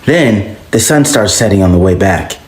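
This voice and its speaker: A young man narrating comedic point-of-view skits in an animated way, jumping between voices for each character. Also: on the low side, moderate pace, very noisy. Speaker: comedy sketch creator. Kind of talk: comedic POV skit narration. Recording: echoey room with music playing.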